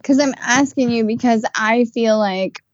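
Woman co-host, hesitant and reflective, higher voice, dull lo-fi audio. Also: unhurried, dry recording. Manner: thoughtful, hesitant, many fillers. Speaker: podcast co-host. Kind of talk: candid casual chat.

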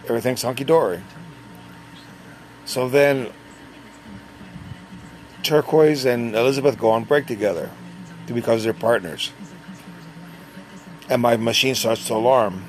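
A man telling a personal story in a casual, conversational way, pausing and restarting as he goes. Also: mid-range voice, a little hiss or hum. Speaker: dialysis patient.

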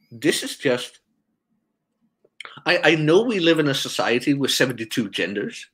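A young man chatting casually, an animated storyteller who laughs often and acts out quotes. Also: on the high side, slightly rough. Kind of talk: casual chat.

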